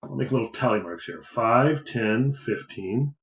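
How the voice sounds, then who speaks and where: A man with a medium-pitched, animated voice teaches a math lesson, speaking a little slowly as he casually thinks aloud and counts through a division problem in a worked example. The sound is roomy and the audio dull.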